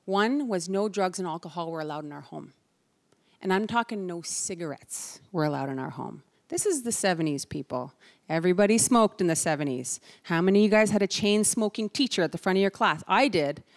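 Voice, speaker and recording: Animated woman telling stories on stage. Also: medium pitch, no room sound. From Canada. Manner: lively storytelling, acting out voices of others. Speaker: keynote speaker. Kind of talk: storytelling talk to an audience. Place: large event hall before a live audience.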